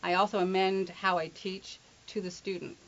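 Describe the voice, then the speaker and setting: A woman's voice: medium pitch, flat delivery, normal speed, slight background noise. A middle-aged woman from England who works as an accent coach, explaining accents in an interview with playful spoken examples. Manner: playful, demonstrative, teasing. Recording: dull lo-fi recording.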